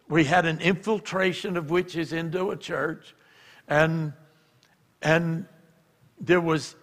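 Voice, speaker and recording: A man preaching a sermon, telling stories and acting out shouted quotes. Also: fairly high pitch. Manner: animated, acts out shouted quotes. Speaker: pastor. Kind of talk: sermon storytelling. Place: church. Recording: church hall reverb.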